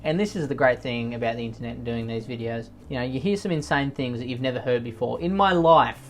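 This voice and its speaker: With a mid-range voice and a quick pace, this man comments comically on posts being read out, reacting with over-the-top rants and abrupt bursts of loudness.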